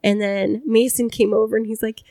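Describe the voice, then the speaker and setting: A woman co-hosts a podcast, chatting casually and telling a story full of fillers, animatedly acting out different voices. Her voice is a little high and a little fast, with no room sound in the recording.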